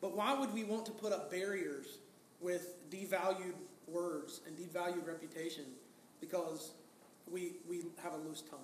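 Man, pastor, sermon, conversational, rhetorical questions, high voice, echoey church room. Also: fairly even intonation, moderate pace, a little hiss or hum. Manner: conversational preaching, rhetorical questions and acted-out quotes.

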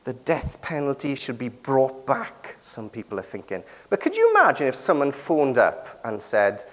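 A middle-aged British man gives a sermon in a chatty, questioning way, his pitch rising and falling a lot. His voice sits at an ordinary middle pitch. It rings through a church hall with a long echo. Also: wildly swooping pitch, normal speed, few pauses. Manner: conversational, asks the congregation questions with frequent tag questions. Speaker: preacher.

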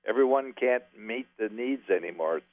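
A man's voice: on the low side, expressive, normal speed, no room sound. A man co-hosting a radio talk show, blunt and opinionated in casual chat. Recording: tinny phone-like line.

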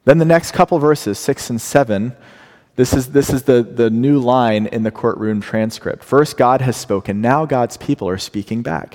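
A man preaching a sermon, acting out scripture in a lively way with big rises and drops. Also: medium pitch, a little slow. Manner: animated, dramatic paraphrasing of scripture. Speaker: pastor. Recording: long hall reverb.

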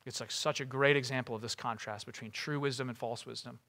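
A man's voice: mid-range voice, fairly even intonation, fast talker, pushed and bright. A man preaching a sermon in a casual way, full of fillers and asides.

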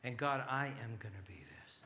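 Impassioned preacher man, bright voice. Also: medium pitch, moderate pace, a little hiss or hum. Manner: impassioned preaching, swinging from hushed whispers to shouted pleas. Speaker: pastor. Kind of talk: sermon.

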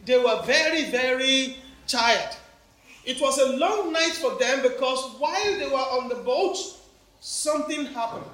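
A man with an African accent and a very high, slightly bright voice preaches a family sermon in church, drawing in the children and congregation with questions. The church is very echoey, with faint background noise.

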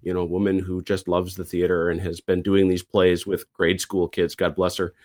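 A man's voice: sits low, monotone, moderate pace, darkish tone. A man in casual podcast chat who tells a rambling story and often stops and restarts his phrases. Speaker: podcast panelist.

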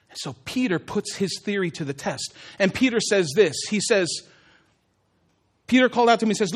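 A male pastor preaching a sermon with animated, humorous storytelling. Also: sits high, a little fast.

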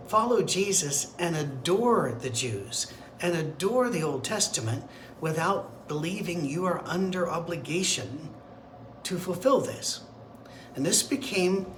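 Man, pastor, informal Bible teaching, conversational, restarts, fairly high voice, roomy echo, faint ambience. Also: fairly bright tone, slight background noise. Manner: conversational, digressive, with fillers and restarts. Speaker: pastor leading Bible study.

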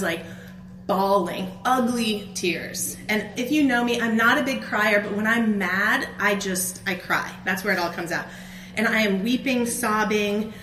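A middle-aged woman telling a personal story as a conference speaker at a faith event, animated and acting out her own outbursts. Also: on the high side, slight background noise. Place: conference hall. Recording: echoey room with faint ambience.

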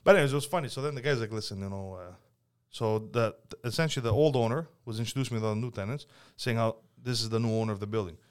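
A man rattles off a workplace story at speed, swearing freely as he goes. His voice is smooth and clear. He is a podcast host in loose, casual chat. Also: mid-range voice, rapid-fire, hardly any pauses. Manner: profane, animated anecdote-telling. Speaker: podcast host, property manager.

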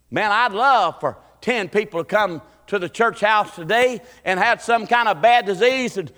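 A man preaching a folksy sermon as pastor, building into excited preaching and acting out voices. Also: high voice, moderate pace, hardly any pauses, long reverb tail. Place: church sanctuary.

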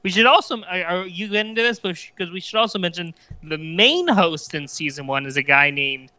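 Guy cohosting, bright clear voice, keeps restarting, dry close mic. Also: high voice, expressive, a little fast, no echo. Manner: eager, restarts sentences often. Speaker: podcast co-host. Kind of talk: casual chat.

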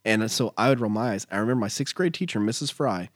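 A man's voice: on the low side, fast, no room sound, clean studio sound. A man co-hosting a casual chat, telling a story with plenty of ums and uhs. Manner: storytelling with many fillers. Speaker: podcast co-host.

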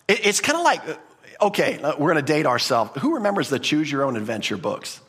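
A man's voice: on the high side, sing-song, a little fast, a bit bright, breathy edge, long reverb tail. A man teaching a Bible class as a pastor, conversational, often repeating words and restarting. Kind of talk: teaching sermon.

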